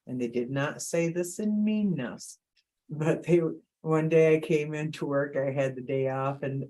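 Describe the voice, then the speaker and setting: A woman's voice: low voice, a little mellow. A middle-aged woman, a guest on a chat panel, telling candid rambling stories and laughing often. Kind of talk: casual storytelling chat.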